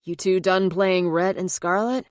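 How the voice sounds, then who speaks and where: A wry, bantering older brother who gently mocks his sister, voiced by a woman narrator. The reading is light and amused, in a dry, close recording. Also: lowish voice, steady tone, measured pace, dry recording, natural voice.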